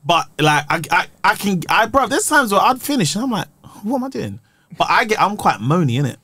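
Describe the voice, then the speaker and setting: A man, a comedian guesting on a podcast, telling stories in animated, slang-heavy casual chat. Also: high-pitched, fairly quick, dry recording.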